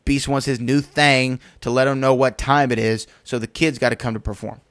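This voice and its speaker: A man hosting a podcast in casual chat, telling stories in an animated, teasing way. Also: medium pitch, normal speed, clean tone. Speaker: podcast host.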